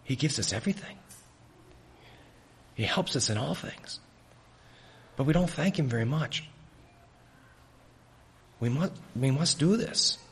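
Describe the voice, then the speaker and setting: A man preaching a sermon in an earnest, halting way, hiccuping often, with a raw throat. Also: medium pitch, expressive, slight background noise.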